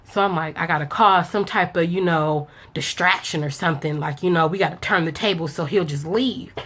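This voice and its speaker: This young woman's voice sits fairly low and comes across a bit bright, and she talks a little fast. As a beauty vlogger putting on makeup, she casually recounts a story, acting out each side of the exchange in slang.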